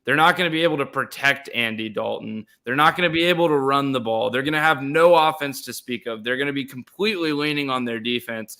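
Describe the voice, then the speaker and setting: Bright-voiced young man, emphatic sports takes. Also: medium pitch, fast talker, few pauses. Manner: emphatic, opinionated, repeats words for stress. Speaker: podcast co-host. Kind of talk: casual sports podcast chat.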